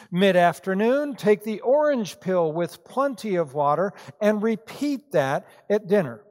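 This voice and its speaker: A man preaching a sermon, reading scripture and then telling a joke and talking to his congregation. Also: high-pitched. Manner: storytelling, joking with the congregation. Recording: reverberant hall sound.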